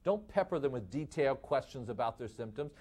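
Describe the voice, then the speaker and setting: A man with a Midwestern accent giving a lively lecture, asking the class rhetorical questions and calling them folks. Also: mid-range voice, brisk, husky. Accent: Midwestern American. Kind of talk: recorded lecture to medical students.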